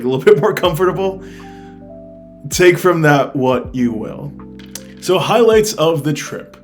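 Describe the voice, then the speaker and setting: A man's voice: mid-range voice, darkish tone. American man, casual enthusiastic travel vlogger, loose and chatty, light guitar bed behind. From United States. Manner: chatty, fills speech with "like" and "I mean"; enthusiastic, recommends things directly to viewers. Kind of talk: casual travel review talk. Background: faint guitar music.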